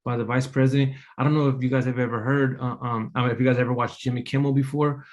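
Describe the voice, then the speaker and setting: A man with a mid-range voice that barely shifts in pitch talks fast as an apprentice speaker at a business meeting. Sharing his personal story with the audience, he is earnest and emotional, rambling with many fillers and restarts.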